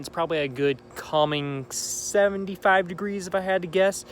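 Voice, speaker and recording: A man's voice: high-pitched, moderate pace, few pauses, slight background noise. Chatty young man commenting on gameplay outdoors. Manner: chatty, rambling and upbeat. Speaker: gaming channel host. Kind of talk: casual let's-play commentary. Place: outdoors at night.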